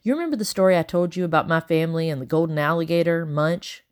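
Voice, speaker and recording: A woman reading as a quiet, serious boy. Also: sits low, quick pace, close to an everyday voice. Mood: earnest.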